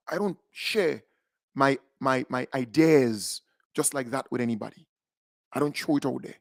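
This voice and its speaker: Animated Grenadian radio host, man. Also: a little high, no echo, studio quality. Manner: animated, repetitive, laughs often, swings from loud to quiet. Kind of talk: call-in radio talk.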